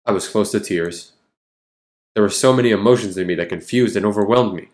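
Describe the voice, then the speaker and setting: A man's voice: lowish voice, fairly quick, a little mellow. A man reading a story game aloud, with wry, exasperated asides between passages. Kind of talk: narrating and commenting casually.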